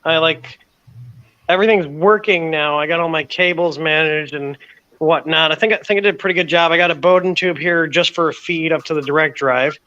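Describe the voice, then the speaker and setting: A man dropping into a video-call chat from his phone, talking offhand and quickly while he works. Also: on the high side, bright, forceful tone, no room sound. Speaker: guest dropping into a hangout. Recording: dull dry phone mic.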